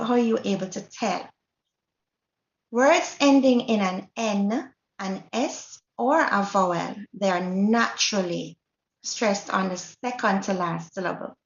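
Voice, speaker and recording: A woman with a Jamaican accent leads a workshop lesson, explaining step by step and checking in with the group. Her voice carries around an echoey room, and the recording sounds dull and lo-fi. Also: medium pitch. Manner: patient, checks in often with the group. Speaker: Spanish teacher.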